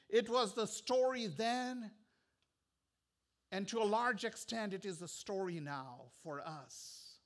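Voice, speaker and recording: A male pastor delivering a sermon with earnest, repetitive phrasing that sometimes drops to a hushed tone. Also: sits high, slow pace. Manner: earnest, repetitive preaching with soft, hushed stretches.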